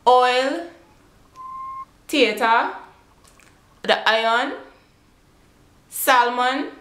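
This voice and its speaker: A woman's voice: high voice, bright, forceful tone. A young woman with a Caribbean accent, reading words one by one and answering questions in a casual vlog. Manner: slow, drawn-out word-by-word reading. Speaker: beauty vlogger. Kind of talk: casual word-list accent tag. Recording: roomy home room echo.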